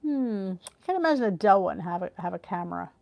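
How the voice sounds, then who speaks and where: A woman's voice: medium pitch, a little fast, vocal fry. Chatty middle-aged woman on a live stream. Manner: chatty and excitable, gasps and trails off mid-thought. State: tired, yawning from the heat. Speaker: host of a live cooking stream. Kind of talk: casual live-stream chat, reading viewer comments. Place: home, on a video call. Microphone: computer on a video call.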